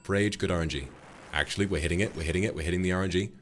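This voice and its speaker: British man, streamer, very deep voice, profane, joking gaming commentary. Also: very fast, fairly bright tone, a little hiss or hum.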